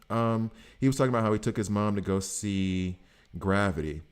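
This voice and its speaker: A man's voice: fairly low pitch, clean tone. A man streaming a game, chatting casually in a rambling, jokey way. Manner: animated, rambling, jokey, breaks into quick voices. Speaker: gaming streamer. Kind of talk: casual chat while gaming.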